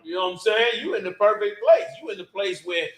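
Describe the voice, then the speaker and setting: A man hosting a casual panel discussion, relaxed and full of fillers. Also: high-pitched, fast, echoey room, low-quality recording. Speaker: host.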